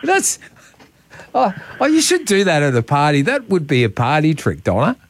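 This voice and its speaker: A man's voice: a little high, wildly swooping pitch, moderate pace, no room sound. A man hosting breakfast radio, teasing a caller and laughing often. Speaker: radio host.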